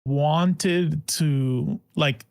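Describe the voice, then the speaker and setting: A man's voice: on the high side, very slow, creaky, a little mellow, no room sound, clean studio sound. A man co-hosting a podcast in casual chat, laid-back and wry. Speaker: podcast co-host.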